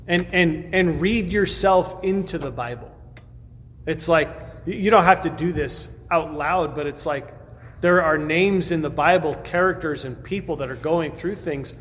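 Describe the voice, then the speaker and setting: A male pastor preaches conversationally in a sermon with Q&A, often repeating words as he answers questions. His voice is a little high and a bit bright at normal speed, in a reverberant hall with faint background noise.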